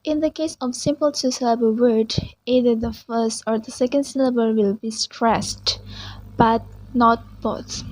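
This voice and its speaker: A young woman reading out a class presentation slowly and carefully, with small restarts. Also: a little high, darkish tone, dry recording, rough recording. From Indonesia. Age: young adult. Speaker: student presenter.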